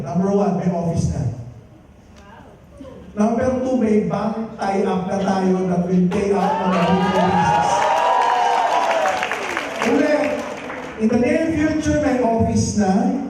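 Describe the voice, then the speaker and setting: A man with a Filipino accent giving a motivational stage speech, rallying his audience with call-and-response. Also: extremely high pitch. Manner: rallying, call-and-response, mixes English and Tagalog. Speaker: company founder presenting to an audience. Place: large hall with live audience. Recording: roomy hall from far off.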